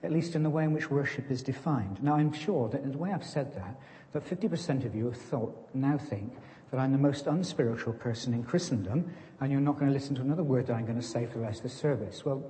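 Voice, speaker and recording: A man preaches to his congregation in an easy, conversational way, poking fun at himself. His voice is mellow and relaxed. The sound rings with the long reverb of a church. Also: medium pitch, fairly quick, slight background noise. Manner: conversational, self-deprecating, plays farmer joke. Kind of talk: sermon.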